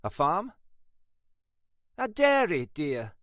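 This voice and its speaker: A woman's voice: low voice, sing-song, very slow, dry recording, clean studio sound, pitched above the performer's own voice, heavily acted. A male narrator voicing a chatty, genteel British country wife who gushes over her guests and fusses over them. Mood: gushing. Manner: gushing, hospitable, fussing.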